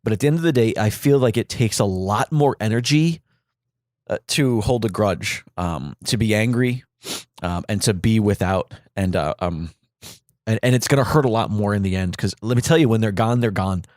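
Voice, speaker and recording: A man hosting a podcast, speaking from the heart in a halting, grieving monologue full of fillers and restarts. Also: on the low side, a little mellow, no echo, clean studio sound. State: grieving, voice catching. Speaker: podcast host.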